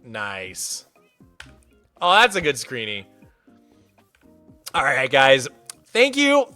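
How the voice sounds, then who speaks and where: A man's voice: medium pitch, huge pitch swings, extremely slow, soft background music. A man streaming a game live, chatting casually and playfully with viewers, laughing often and greeting newcomers by name. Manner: soft baby talk to his cat. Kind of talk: casual livestream chat.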